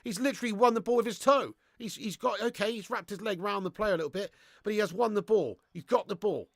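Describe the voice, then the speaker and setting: A man hosting a live football watchalong, excitable and swearing freely while chatting to viewers. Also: sits high, fast talker, vocal fry, no room sound, clean studio sound.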